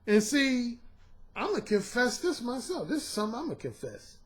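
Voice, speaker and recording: A man with a notably high voice gives a loose, unscripted talk as a dating coach. His pitch leaps around freely as he presses his points, peppering them with slang and swearing. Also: sing-song, moderate pace. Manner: slangy, profane and emphatic; talks straight to the audience. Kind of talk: casual monologue to camera.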